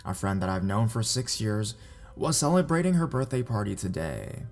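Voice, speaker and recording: A man reading reader-submitted scary stories aloud in a measured, even narration. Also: on the low side, soft background music. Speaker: horror story narrator.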